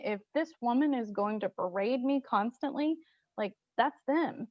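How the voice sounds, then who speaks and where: A woman's voice: a little high, measured pace, no echo. A woman hosting an interview, talking bluntly and frankly in a casual way. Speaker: host. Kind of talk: candid interview talk. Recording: dry, slightly muffled lo-fi audio.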